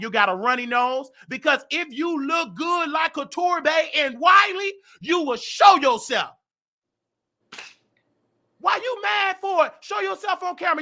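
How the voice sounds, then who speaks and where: Loud southern guy hosting a gossip show, brash trash talk, high bright voice. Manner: brash, animated, trash-talking. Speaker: show host.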